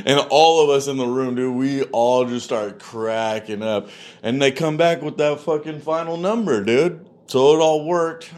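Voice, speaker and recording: A man in an average register recounting his own story in loose, casual talk. He swears constantly and breaks into laughter, animated throughout. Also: mid-range voice, unhurried. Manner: profane, animated, laughs often. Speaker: guest telling his story.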